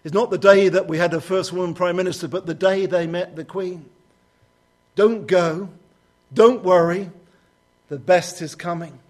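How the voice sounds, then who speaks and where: A man preaching a sermon, telling stories and voicing prayers with sudden lifts in pitch. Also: steady tone, moderate pace, darkish tone. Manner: storytelling, rising sharply when quoting prayers.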